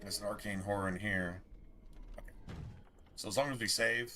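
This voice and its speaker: A man's voice: fairly low pitch, steady tone, normal speed, sharp tone, slight background noise. A man streaming a game, rambling casually with a lot of swearing and exasperation. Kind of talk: casual gameplay commentary.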